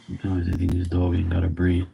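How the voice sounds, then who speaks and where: A man's voice: low voice, creaky, noisy background. A man hosting a casual live stream from home, greeting viewers by name and teasing his dog in a laid-back way. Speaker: live stream tarot reader.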